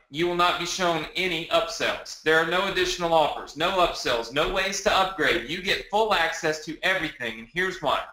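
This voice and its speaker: A man presenting a live sales webinar from his home, energetic and repetitive, rallying the audience with questions. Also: sits high, reverberant, poor audio. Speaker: webinar presenter selling a product. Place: home office.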